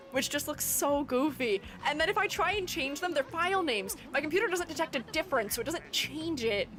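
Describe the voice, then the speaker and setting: A woman's voice: sits high, a bit bright. A woman streamer chatting casually while gaming, giggling often and reading her chat aloud to answer it. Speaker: streamer and artist.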